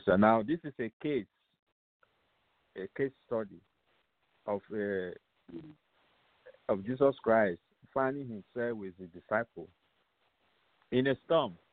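A man's voice: lowish voice, takes it slowly, pauses often, dry recording. Man preaching over a tinny phone line. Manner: emphatic, repetitive, asks rhetorical questions. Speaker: radio show host. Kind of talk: radio preaching. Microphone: phone call-in line.

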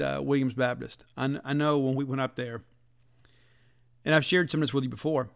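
A middle-aged man talks sports in a casual, folksy way, leaning hard into his points. His voice sits a little high and has a gravelly edge. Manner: earnest, folksy, emphatic. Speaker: podcast host.

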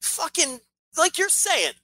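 Man, podcast co-host, heated profane ranting, swooping pitch, bright edgy tone, dry close sound. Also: huge pitch swings, slow pace, dry recording. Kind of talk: casual podcast chat.

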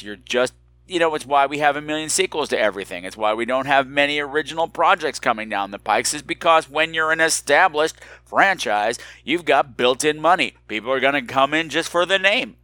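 A man's voice: fairly high pitch, pushed and bright, dry recording. A man hosting a solo podcast, talking in a campy, flirty, self-mocking way and reading listener emails. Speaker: podcast host. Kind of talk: casual solo podcast chat.

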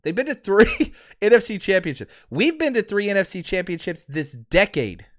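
Male podcast host in his thirties, high and lively voice, sarcastic fired-up fan rant. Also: normal speed. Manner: heated, sarcastic ranting with mocking quotes; calms to a quieter, lower promo pitch.

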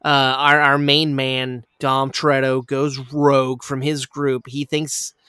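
A man's voice: medium pitch, slow, smooth, no echo, studio quality. Rambling, profane man recapping a movie. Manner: rambling, profane, animated retelling with many fillers.

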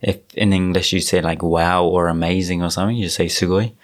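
A man hosting a podcast in casual chat, easygoing and relaxed with lots of fillers. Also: low voice, brisk. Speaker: podcast host.

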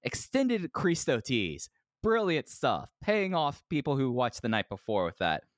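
A man's voice: mid-range voice, wildly swooping pitch, unhurried, no echo. A man with a mid-range voice co-hosting a podcast. He talks energetically and scatters fillers through his sentences. The recording is dry and close. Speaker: podcast co-host. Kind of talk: casual chat, wrestling review.

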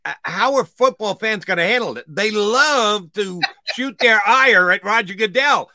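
A man with a very bright, cutting voice throws energetic, provocative questions at his guests. The recording is dry and close, with no room sound. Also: sits high, measured pace, hardly any pauses, no room sound. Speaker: podcast co-host. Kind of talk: casual sports podcast chat.

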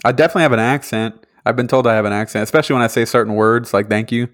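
A man's voice: mid-range voice, rapid-fire, no room sound, clean studio sound. A man with a lisp co-hosting a podcast, laid-back and joking, laughing often. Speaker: podcast co-host. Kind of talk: casual chat.

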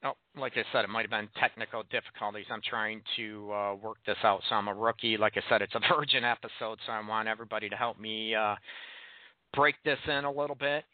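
A man's voice: lowish voice, fairly even intonation, fairly quick, dry recording. A man hosting a call-in relationship advice show, talking frankly and asking his listeners blunt rhetorical questions. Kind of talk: call-in radio talk show monologue. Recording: tinny phone-like sound, dry.

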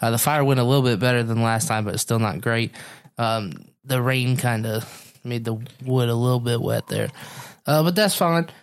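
A man's voice: medium pitch, moderate pace. A man in a mid-range voice hosts a podcast in a loose, casual way. He swears freely and fills his sentences with "uh" and "um" as he wraps up. His tone stays offhand and unpolished. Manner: loose, swearing, filler-heavy sign-off. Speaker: podcast host. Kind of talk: casual chat.

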